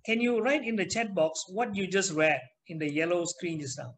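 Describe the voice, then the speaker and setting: A man's voice: high voice, moderate pace, fairly bright tone, low-quality recording. A middle-aged man, teaching an online class in a chatty manner and putting questions to his students. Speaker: trainer.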